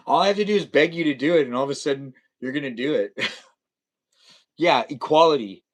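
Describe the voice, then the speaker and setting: Young male streamer, slightly higher voice, playful and teasing, casual chat with viewers. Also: normal speed. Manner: playful, teasing, laughs often. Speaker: live streamer. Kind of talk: casual livestream chat reading viewer comments.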